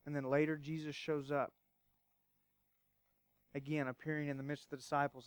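A man pastor preaching a sermon, emphatic at times and hushed at others, asking rhetorical questions. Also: fairly high pitch, little pitch movement, normal speed, long pauses, smooth, no room sound.

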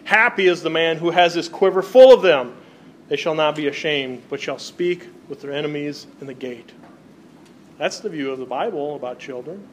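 With slight background noise, a pastor whose voice is a little high preaches at a normal pace. He reads scripture aloud to the congregation, then unpacks what it means.

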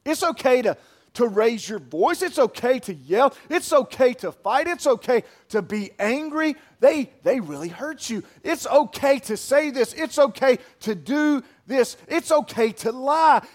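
A man's voice: very high-pitched, expressive, measured pace, voice pushed up. Man putting on a sneering devil. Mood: coaxing. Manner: taunting, sneering. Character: sly male devil, scornful accuser. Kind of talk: sermon illustration.

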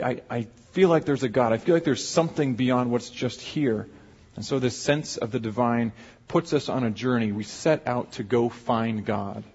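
A man's voice: mid-range voice, darkish tone, husky. A man preaching a sermon in a reflective, conversational way, with frequent restarts. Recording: dull recording with long hall reverb.

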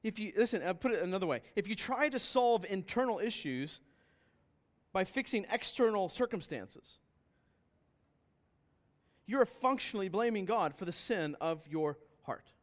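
High-voiced preacher with loud bursts. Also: male voice, animated, normal speed, long pauses. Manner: earnest, questioning, rises to loud emphatic bursts. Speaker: pastor. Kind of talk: sermon. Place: church hall with congregation.

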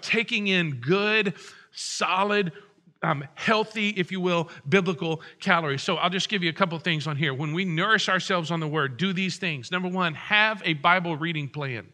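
A man's voice: high voice, normal speed, sharp tone. A middle-aged man preaching a sermon as pastor, conversational and joking with his congregation.

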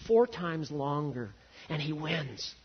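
A man preaching a sermon, swinging from loud emphasis to hushed, quiet lines. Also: a little high, very animated, takes it slowly, husky, muffled recording. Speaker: pastor.

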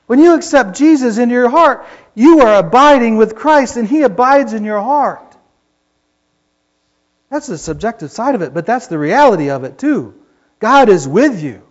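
High-voiced fervent preacher. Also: male voice, lo-fi sound. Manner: fervent, rising to yelling when excited. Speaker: pastor. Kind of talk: sermon.

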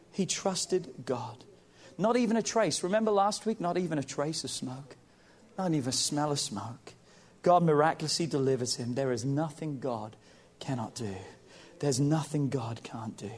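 A man's voice: mid-range voice, darkish tone. A man preaching a sermon as pastor, building intensity and calling out to the congregation. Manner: preaching with rising intensity and call-and-response.

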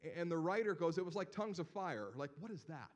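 Male pastor, Northeast Ohio accent, lively sermon delivery with a voice on the higher side. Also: fast. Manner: animated, building to loud emphatic proclamations.

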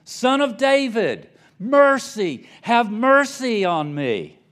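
A preacher voicing a blind male beggar who cries out loudly for mercy. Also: extremely high pitch, big pitch swings, takes it slowly, pitched above the performer's own voice, full character voice. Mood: pleading. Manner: loud, pleading cries.

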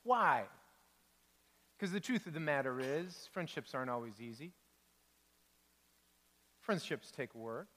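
A man, a pastor, reading a children's storybook aloud in a sermon with expressive, animated delivery. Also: on the high side, unhurried, long pauses, in a large hall.

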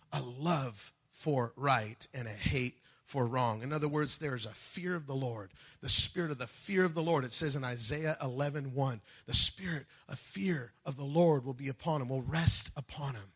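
A man preaching a sermon with passion, swinging between loud, rising peaks and soft, low drops, acting out quoted voices along the way. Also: husky. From United States. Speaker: pastor.

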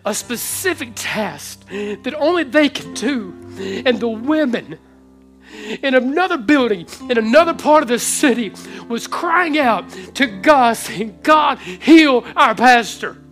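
Impassioned male preacher over soft music. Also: very high voice, animated, unhurried. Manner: swings between hushed storytelling and loud impassioned preaching. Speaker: pastor. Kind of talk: sermon. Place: church hall before a congregation.

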